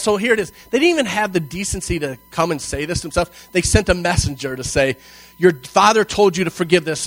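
A man with a fairly high voice delivers a sermon, reading scripture aloud and unpacking it in plain conversational language. He slows down to stress key phrases and builds intensity as he goes, checking in with his listeners along the way. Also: a bit bright, poor audio. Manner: conversational, emphatic, frequent "okay?" check-ins. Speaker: preacher.

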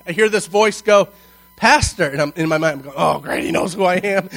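A male pastor preaching a sermon to a congregation in church, telling a personal story and acting out its dialogue with animated delivery. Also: high-pitched, a little fast, vocal fry, no echo, poor audio. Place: church service before a congregation.

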